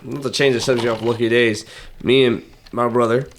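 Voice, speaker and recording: A man with a Cajun accent talks loosely as a podcast guest, circling back and losing his point. His voice sits at an ordinary pitch, with a faint hiss of noise behind it. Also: fairly even intonation, fairly quick. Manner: rambling, loses his train of thought. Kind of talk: casual drunk chat.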